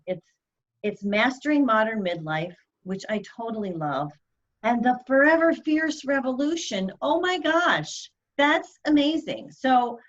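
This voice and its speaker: A woman hosting a casual interview, enthusiastic and effusive in her praise. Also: medium pitch. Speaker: host. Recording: dull lo-fi sound.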